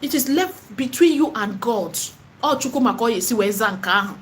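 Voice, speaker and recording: High-voiced Nigerian woman preaching. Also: expressive, brisk, a little hiss or hum. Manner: emphatic and repetitive, slipping into Pidgin and Igbo. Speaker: online seller and spiritual vlogger. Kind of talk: impassioned preaching monologue.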